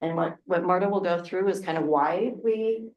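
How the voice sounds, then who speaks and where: A woman's voice: on the low side, moderate pace, distant mic, dull audio. A middle-aged woman, a regional council president, speaking candidly and chattily at a council work session. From Oregon. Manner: candid, chatty, frank, with laughs and filler words. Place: city council meeting room. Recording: roomy meeting room with faint noise.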